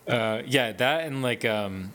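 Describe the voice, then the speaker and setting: A man's voice: medium pitch, slow, background noise. A man co-hosting a podcast in casual chat, easygoing and full of "like" fillers. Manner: easygoing, heavy on "like" fillers, laughs often. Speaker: podcast co-host.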